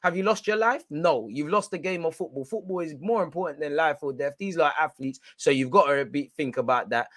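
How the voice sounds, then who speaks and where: A young man, loudly and gleefully ranting with street slang during a live football watch-along. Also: a little high, a little fast, few pauses, no room sound, studio quality.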